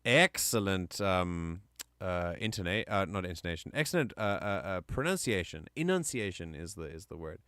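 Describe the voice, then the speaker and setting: A man's voice: deep voice, lively intonation, moderate pace, fairly bright tone. A man streaming live, chatting casually and enthusiastically, often rambling and correcting himself mid-sentence.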